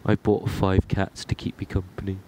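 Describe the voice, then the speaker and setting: A man's voice: low voice, monotone, normal speed, mellow, a little hiss or hum. A young man co-hosting a podcast, firing off sweary, jokey retorts. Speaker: podcast co-host. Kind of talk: casual chat.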